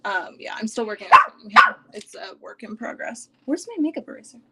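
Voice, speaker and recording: A young woman chatting on a casual live stream from home, rambling with lots of "like" and sometimes dropping to a soft near-whisper. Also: medium pitch, lively intonation, a little fast, very noisy. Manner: chatty and rambling, heavy use of "like". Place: home, at her desk with her dog nearby.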